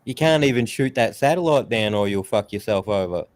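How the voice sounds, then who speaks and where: A man's voice: on the low side, expressive, brisk, no room sound. A man, ranting bluntly and profanely in a casual stream chat. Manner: mocks others in raised put-on voices.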